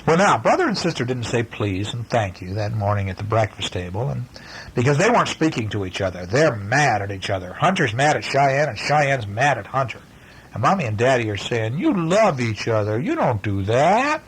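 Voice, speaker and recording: A hoarse father reading a bedtime story to his children, gentle and chatty, stopping to talk about the pictures. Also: medium pitch, animated, a little fast, poor audio.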